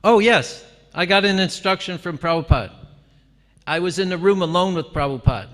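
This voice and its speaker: A man giving an animated devotional talk at a temple gathering, often breaking into laughter and exclamations. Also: high voice, fairly quick. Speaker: visiting speaker at a temple gathering. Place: temple hall. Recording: long reverb of a hall.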